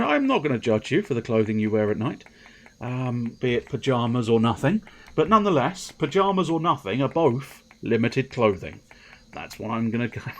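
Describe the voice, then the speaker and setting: A man chatting casually on a game livestream, rambling and self-mocking, laughing often. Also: fairly low pitch. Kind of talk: casual game-stream chat.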